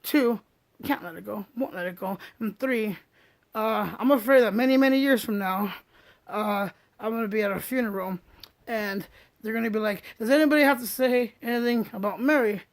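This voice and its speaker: A man's voice: sits high, moderate pace, gravelly. A man telling a comic story on stage, stammering with repeated words as he builds it up. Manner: stammering repeats, animated retelling. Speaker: stand-up comedian.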